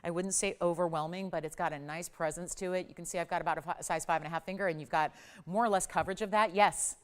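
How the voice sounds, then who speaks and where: A woman's voice: lowish voice, fairly even intonation, quick pace. Woman, middle-aged, shopping channel host, chatty, gushing, upbeat sales talk, studio. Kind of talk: live TV jewelry selling.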